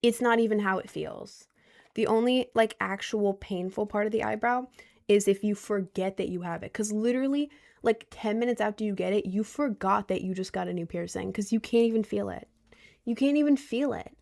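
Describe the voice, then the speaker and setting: A woman's voice: mid-range voice, steady tone, brisk, vocal fry, a little mellow. A young woman chatting casually with her viewers, rambling and repeating herself in loose slang. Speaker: streamer answering chat. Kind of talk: casual chat.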